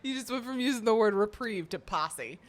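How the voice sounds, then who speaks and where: High, bouncy-voiced teasing woman. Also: expressive. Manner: teasing, quick to laugh. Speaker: co-host. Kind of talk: casual chat.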